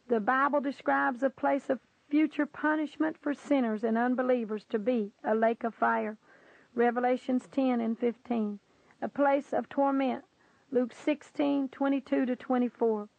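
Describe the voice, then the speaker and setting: A woman narrates in a slow, earnest, pleading tone, her voice a little high and gravelly. The sound is tinny and phone-like, and dry, with no room around it. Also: dry recording. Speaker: narrator reading a testimony. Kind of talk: solemn scripted narration.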